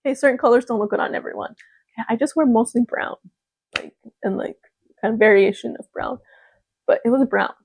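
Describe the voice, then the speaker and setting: A woman's voice: a little high, fairly quick, vocal fry, pauses often, a little mellow, slightly rough, no room sound. Chatty, laughing young woman. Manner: chatty, laughs often, mimics gushing voices. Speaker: vlogger. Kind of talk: casual chat to camera.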